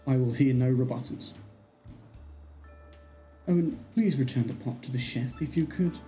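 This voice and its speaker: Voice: medium pitch, moderate pace, dark tone, soft background music, lightly acted. A streamer voicing a self-important male train detective, speaking in a formal, pompous way. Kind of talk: voicing game dialogue on a livestream.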